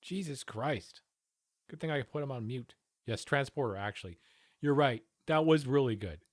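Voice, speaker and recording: A man's voice: mid-range voice, expressive, a little fast, dry recording. Profane sarcastic male streamer, dry close mic. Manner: profane, sarcastic, talks over the clip. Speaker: streamer reacting to a news panel. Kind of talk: casual livestream commentary.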